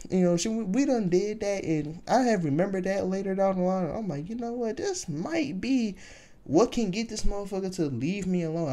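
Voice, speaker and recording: A man's voice: high voice, dark tone. A young man telling a casual storytime, swearing freely and rambling with lots of fillers. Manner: profane, rambling with many fillers.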